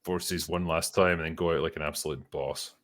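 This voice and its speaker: A man's voice: a bass voice, steady tone, a little fast, a bit bright. A man hosting a casual panel chat, blunt, swearing freely and laughing often. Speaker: host.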